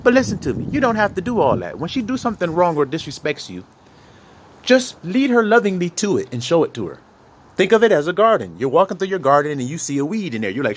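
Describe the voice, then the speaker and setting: Animated, profane street preacher. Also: male voice, high-pitched, fast. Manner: animated, profane, acts out quoted arguments. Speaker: online preacher. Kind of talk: casual street sermon.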